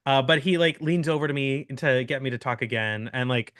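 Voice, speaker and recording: Brief: young male podcast host, smooth clear voice, dry close mic, animated storyteller. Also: medium pitch, brisk, no room sound. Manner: animated, laughing storyteller with restarts. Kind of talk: casual storytelling chat.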